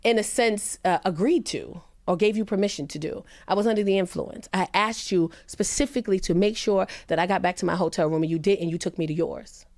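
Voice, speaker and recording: A woman comedian on a podcast, telling a personal story earnestly and emphatically, her pitch rising when she quotes people. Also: a little fast, few pauses, a little mellow. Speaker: comedian guest.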